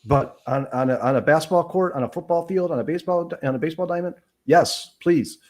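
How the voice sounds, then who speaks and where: A man co-hosting a casual sports talk podcast, giving emphatic opinions in a rapid run. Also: fairly high pitch, darkish tone.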